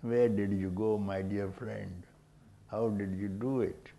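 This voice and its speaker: An older spiritual teacher speaks to a gathering in a slow, lowish voice. He teases his listeners, chuckles often and keeps prompting them with a questioning "hmm?". A faint hiss sits under the recording. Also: fairly even intonation, creaky, mellow, poor audio. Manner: chuckles often while talking.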